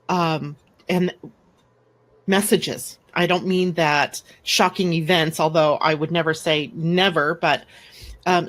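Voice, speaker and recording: Middle-aged woman, low-pitched voice, astrology show host, casual chat, animated storytelling. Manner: animated storyteller who acts out quoted speech.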